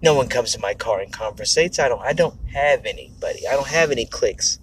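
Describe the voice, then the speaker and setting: A man's voice: medium pitch, animated, fairly quick, a little hiss or hum. A man venting in a rambling, frank monologue, swearing often and correcting himself as he goes. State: on edge. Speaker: podcast host. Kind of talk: casual personal monologue.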